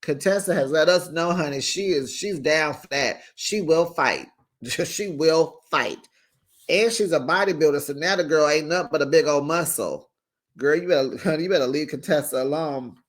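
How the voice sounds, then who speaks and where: A woman with a low-pitched voice talks at a moderate pace while hosting a casual reality-TV recap. She's sassy and chatty, often laughing and playing out quotes in character.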